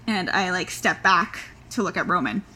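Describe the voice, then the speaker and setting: A woman's voice: fairly low pitch, lively intonation, normal speed, bright, forceful tone, a little hiss or hum. A woman playing a tabletop game, talking hesitantly with many fillers. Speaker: player. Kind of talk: casual tabletop play.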